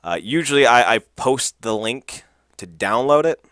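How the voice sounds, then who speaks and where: A man's voice: medium pitch, lively intonation, unhurried, fairly bright tone, clean tone, no room sound, studio quality. A man hosting a podcast, recapping wrestling in a loose, profane way with lots of fillers and laughs. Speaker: podcast host.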